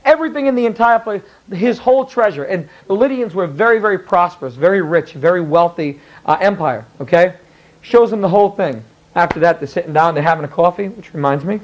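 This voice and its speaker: Chatty high-voiced male history teacher. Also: expressive, brisk, poor audio. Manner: chatty, rambling, many fillers and restarts. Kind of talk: classroom storytelling lecture.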